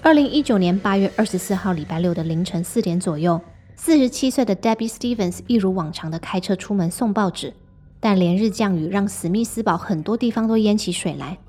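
A woman narrating a true story in a calm, even, scripted way. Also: medium pitch, a little fast. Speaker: storytelling host. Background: music.

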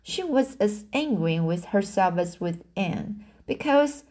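A woman's voice: medium pitch, expressive, a little mellow. A woman reading a novel aloud, stopping to restart words and explain passages. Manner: halting, with restarts and self-corrections. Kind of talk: slow read-aloud with commentary.

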